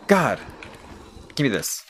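A man's voice: mid-range voice, wildly swooping pitch, takes it slowly, a bit bright, a little hiss or hum. A young man giving profane, sarcastic let's-play commentary while gaming. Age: young adult. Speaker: gamer.

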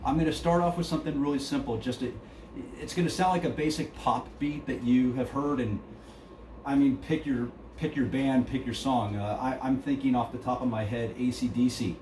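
A middle-aged drum instructor with a mid-range, darkish voice speaks at normal speed with fairly even intonation. He gives a casual lesson in a drum studio, talking loosely with plenty of fillers and counting beats out loud, recorded noisily from a distant mic in an echoey room.

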